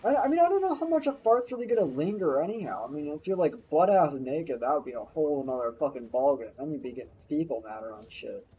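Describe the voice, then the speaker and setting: A man's voice: on the high side, lively intonation, fast, hardly any pauses, mellow, a little hiss or hum, rough recording. A man streaming a game, chatting casually in a crude, rambling way and swearing often. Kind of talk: casual gameplay banter.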